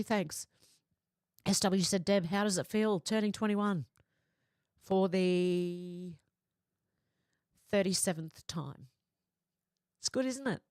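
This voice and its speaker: A woman with a medium-pitched, darkish voice hosts a casual livestream, reading viewer comments aloud, answering them, and often breaking into laughter. The recording is dry and of studio quality.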